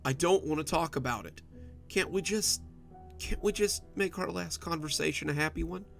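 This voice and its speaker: A man's voice: moderate pace, vocal fry, fairly bright tone, soft background music. A man doing a tearful, falsely sweet young wife. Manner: high, overly sweet, breaking voice.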